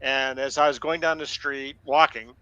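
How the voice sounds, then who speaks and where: A man with a bright, edgy voice recorded dry and close, with no room sound. He spins an everyday anecdote bluntly, dropping curses as he goes. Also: mid-range voice, little pitch movement, normal speed, clean tone, no echo, highs cut off. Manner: blunt and profane, telling anecdotes. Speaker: podcast co-host. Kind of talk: casual storytelling.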